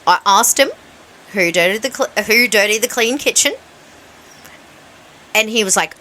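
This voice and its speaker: An Australian woman co-hosting a casual radio podcast, telling animated anecdotes and acting out bits of dialogue with lots of laughter. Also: mid-range voice, measured pace, pauses often, slight background noise. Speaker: radio co-host. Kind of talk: casual chat.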